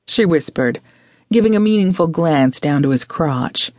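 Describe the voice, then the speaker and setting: A woman narrating a romance audiobook in a measured, expressive way. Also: low-pitched, no room sound, clean studio sound. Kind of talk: scripted narration.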